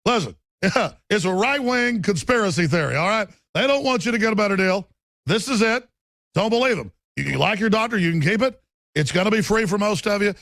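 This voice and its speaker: A man's voice: sits high, lively intonation, fairly quick, fairly bright tone, no room sound. Brief: a man putting on a reassuring, dismissive male politician, folksy and chuckling. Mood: mocking.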